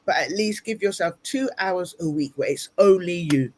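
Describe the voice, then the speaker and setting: A woman's voice: on the low side, lively intonation, normal speed, darkish tone, a little hiss or hum. A woman guest speaker giving earnest motivational advice in an interview, repeating points for emphasis, recorded over a video call. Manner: earnest, advising, repetitive for emphasis. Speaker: guest speaker and ministry leader.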